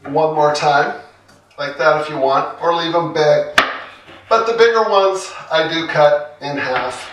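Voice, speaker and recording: A man co-hosting a cooking show, walking through a recipe in a relaxed, chatty way with folksy asides. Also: a little high, unhurried, background noise. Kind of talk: casual cooking demonstration. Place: home kitchen. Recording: echoey kitchen, mic at a distance. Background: clattering dishes and cutlery.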